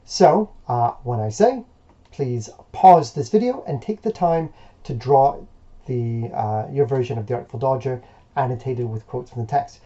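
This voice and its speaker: A male teacher records a remote lesson at medium pitch and an unhurried pace, and the audio sounds dull. His manner is relaxed and encouraging, with many hesitations and fillers.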